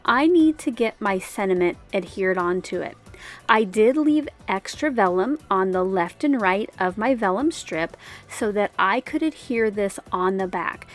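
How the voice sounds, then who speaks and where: Chatty woman explaining card crafts. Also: mid-range voice. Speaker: card-making channel host. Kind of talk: casual crafting tutorial voice-over.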